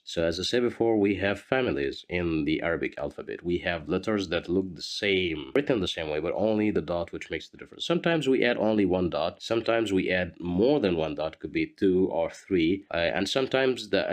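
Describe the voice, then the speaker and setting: A man teaching a beginner language lesson, patiently repeating each word for learners to copy. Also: sits low.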